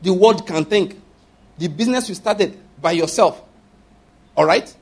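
A man preaching an animated sermon, his voice husky and a little high for a man. He repeats his points and keeps asking the listeners whether they follow. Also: unhurried. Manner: animated preaching, acting out prayers and dialogue; repeats phrases and asks the audience for agreement. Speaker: pastor.

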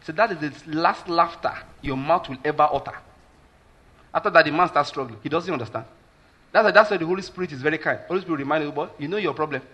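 A man's voice: fairly high pitch, quick pace, a bit bright, dull audio. A Nigerian man preaching a sermon as a pastor, emphatic and keeps asking his listeners whether they follow.

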